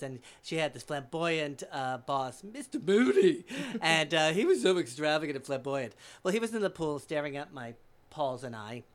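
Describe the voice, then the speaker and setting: A man guesting on a chat podcast, telling a story in a cheeky, animated way. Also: medium pitch. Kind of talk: casual chat, telling an anecdote.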